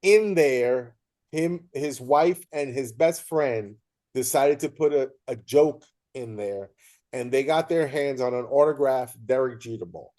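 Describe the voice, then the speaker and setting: A man hosting a casual interview, telling lively anecdotes and acting out what people said. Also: medium pitch, a little slow. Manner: animated storyteller, acts out quoted voices. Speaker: host.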